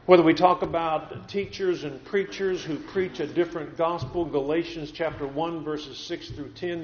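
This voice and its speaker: Casting: earnest preacher, man, slightly high voice, roomy church sound on a dull lo-fi recording. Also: darkish tone, slight background noise. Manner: earnest, repeats words as he builds points. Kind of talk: sermon. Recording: echoey room, dull lo-fi sound.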